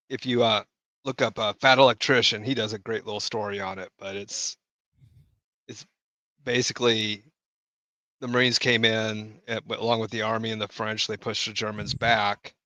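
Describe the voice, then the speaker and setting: A man in his forties to fifties co-hosting a casual reaction podcast, chuckling often and pausing on lots of "uh"s. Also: fairly low pitch, sharp tone, no echo. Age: 40s to 50s. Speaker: podcast co-host. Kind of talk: casual reaction-show banter.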